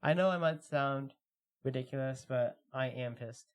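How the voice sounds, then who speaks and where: A man co-hosting a podcast, chatting casually and reading stories aloud at a slow, relaxed pace with lots of fillers. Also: mid-range voice, clean tone. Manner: relaxed, filler-heavy, reads stories slowly. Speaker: podcast co-host.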